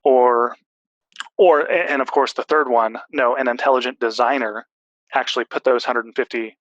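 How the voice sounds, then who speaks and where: A man's voice: mid-range voice, fairly even intonation, moderate pace, fairly bright tone, dry recording, dull audio. A man in a casual discussion, explaining at length with restarts and fillers.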